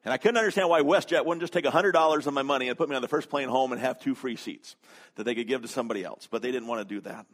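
A man's voice: mid-range voice, very fast. A man preaching a sermon, telling a story conversationally, with humor and frequent fillers. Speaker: pastor.

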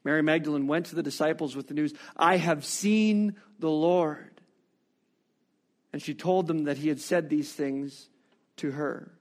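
A man preaching a sermon, reading scripture and reflecting on it with expressive, rising rhetorical questions. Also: a little high, a little fast.

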